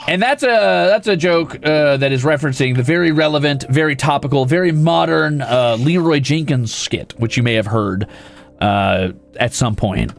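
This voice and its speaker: A man's voice: fairly high pitch, animated, moderate pace, vocal fry. A man streaming a building game, chatting casually with viewers in a playful, teasing, mock-boastful way. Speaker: VTuber streamer. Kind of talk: casual gaming stream chat.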